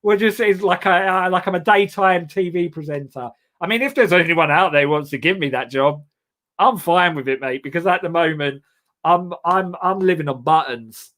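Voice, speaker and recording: A man's voice: sits high, fairly bright tone. Rambling, self-mocking young male host. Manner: rambling, self-deprecating, halting restarts. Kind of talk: casual comedic chat show.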